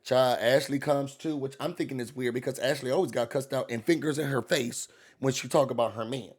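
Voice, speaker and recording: A man's voice: mid-range voice, fairly even intonation, fairly quick, husky. A man hosting a casual, gossipy recap rant, acting out quoted voices. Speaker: YouTube recap host.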